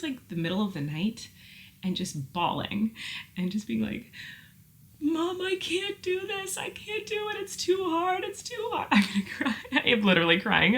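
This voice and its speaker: A woman vlogger in her thirties chats candidly to her viewers. Her voice sits a touch low, and her talk runs loose and rambling with plenty of filler words. She gets open and emotional as she goes. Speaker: vlogger answering viewer questions. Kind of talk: casual chat to camera.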